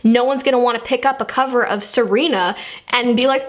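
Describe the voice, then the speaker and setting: Young woman, fairly high voice, casual vlog film review, rambling and exasperated. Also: steady tone, a little fast. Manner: rambling, exasperated, many fillers. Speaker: movie reviewer.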